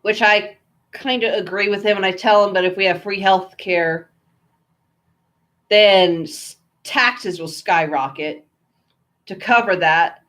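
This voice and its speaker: Woman, American accent, casual vlog chat, rambling, filler-heavy, mid-pitched. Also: slow, long pauses, fairly bright tone. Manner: rambling, chatty, many fillers and asides. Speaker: vlogger.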